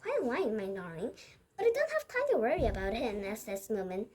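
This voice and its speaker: A woman reading aloud takes the part of a calm, determined old grandmother in a storybook. She talks steadily and patiently, in a high, lively voice. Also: a little fast. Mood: scheming.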